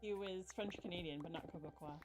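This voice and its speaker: A woman chats casually while she plays a video game, wandering through her explanations and filling the gaps with "um." Her voice sits low for a woman. Game music plays clearly behind her. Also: fast, poor audio. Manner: rambling, explains with many fillers. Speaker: gaming channel host. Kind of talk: casual gameplay chat.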